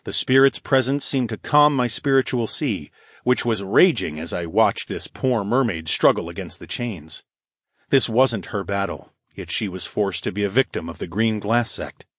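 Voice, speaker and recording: A man narrating a first-person fantasy audiobook in a steady, even storytelling manner. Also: on the low side, normal speed, slightly rough, dry recording, clean studio sound.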